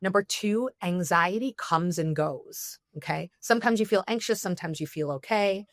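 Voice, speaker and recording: A woman's voice: lowish voice, moderate pace, dry recording, studio quality. A woman speaking as a therapist guest on a podcast, giving earnest advice and checking in with "okay?" often.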